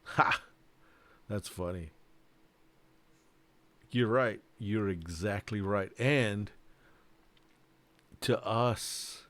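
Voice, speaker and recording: Low-voiced man chatting casually. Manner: rambling, joking, swears casually. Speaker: board game designer. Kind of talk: casual livestream chat.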